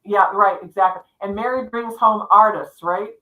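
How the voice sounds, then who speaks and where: A middle-aged woman, a psychic co-hosting a livestream, telling her stories in a chatty, lively way and acting out the dialogue. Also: medium pitch, normal speed, reverberant, phone-quality sound, a little hiss or hum. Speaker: psychic co-host. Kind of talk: storytelling in casual chat. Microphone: livestream setup.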